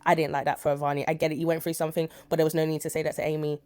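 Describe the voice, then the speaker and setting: A woman's voice: low-pitched, level tone, racing, darkish tone. A woman reviewing a soap opera episode in a casual, rambling recap. She speaks frankly, with blunt asides and quoted dialogue from the scenes.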